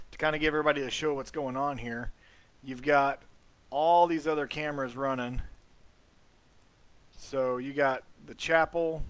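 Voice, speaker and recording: A man's voice: on the high side, fairly bright tone. A man hosting a casual live commentary over ghost-hunt footage, chatty and trailing off with fillers. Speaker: host.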